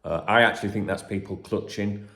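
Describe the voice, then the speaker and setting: Gravelly, echoey middle-aged male football host. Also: on the low side, a little fast, fairly bright tone. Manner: chatty and cheeky, swears and jokes between reading headlines. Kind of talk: casual football transfer gossip commentary. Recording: roomy echoey room.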